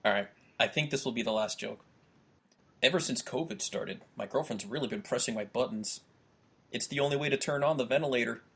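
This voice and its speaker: Giggly young man with a husky voice. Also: mid-range voice, a little fast, fairly bright tone. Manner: giggly, reads out his own jokes. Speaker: podcast host. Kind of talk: casual podcast chat.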